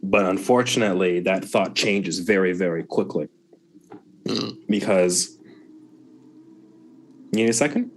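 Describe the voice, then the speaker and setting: A man who is the game master of a tabletop game, describing scenes in a slow, measured way. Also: deep voice, a little hiss or hum.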